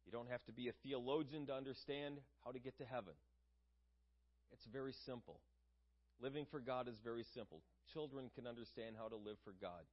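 A man's voice: medium pitch, fairly quick, lo-fi sound. A man preaching a sermon in an earnest, conversational way, asking his listeners questions.

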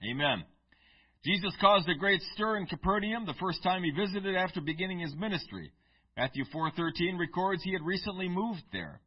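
A man's voice: sits high, expressive, normal speed, husky, muffled recording. A male pastor reading scripture aloud and then preaching a sermon in a conversational storytelling manner with asides to the congregation.

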